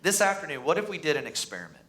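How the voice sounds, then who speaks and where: A pastor in his thirties preaching a sermon in a church, animated and acting out the voices of the people in his stories. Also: racing. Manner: animated, acts out voices, pitch rises on mocking lines. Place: church sanctuary.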